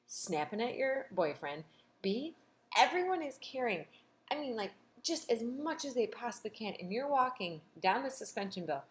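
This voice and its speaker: A woman hosting a casual, gossipy recap of a reality show, sassy and animated. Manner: animated, gossipy and sassy, with big pitch swings.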